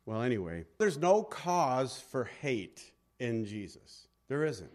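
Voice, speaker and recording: A man's voice: mid-range voice, sing-song, slow. A male pastor preaching a sermon in a conversational, storytelling manner.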